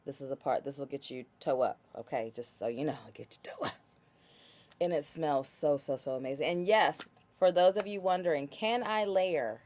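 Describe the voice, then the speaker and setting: A woman's voice: low voice, normal speed, darkish tone. A woman hosting a casual livestream, chatty and playful as she shows body care products and talks straight to viewers.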